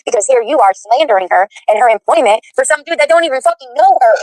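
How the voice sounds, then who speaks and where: A woman's voice: sits high, lively intonation, quick pace, darkish tone, no room sound. A woman ranting with indignant profanity. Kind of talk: angry recorded rant.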